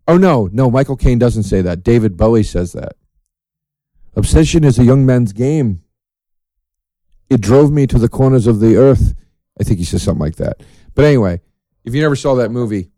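A man hosting a solo podcast, talking in a profane, sardonic, rambling way with dark jokes. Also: fairly low pitch, no room sound. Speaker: podcast host.

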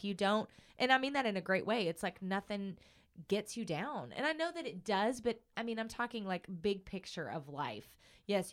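A woman co-hosting a casual podcast chat, talking in an earnest, gushing way. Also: lowish voice. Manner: earnest, gushing, fond of quoting people. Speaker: podcast co-host.

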